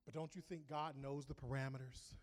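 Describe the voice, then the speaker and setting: A man preaching a sermon, emphatic, swinging from loud declarations to hushed asides. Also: medium pitch, fairly even intonation, fairly quick. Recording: long reverb of a large hall.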